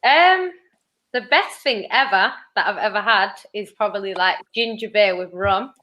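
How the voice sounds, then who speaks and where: A woman guest on a casual podcast chat, easygoing and quick to laugh. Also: mid-range voice, bright, forceful tone.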